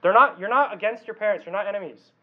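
Speaking fast in a high voice, a youth pastor gives a casual, chatty sermon and keeps asking the audience questions to check in. The sound quality is slightly dull and lo-fi.

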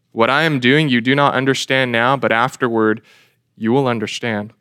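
A man's voice: medium pitch, a bit bright, dry recording, clean studio sound. A man preaching a sermon in an earnest, emphatic way, asking rhetorical questions. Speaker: pastor.

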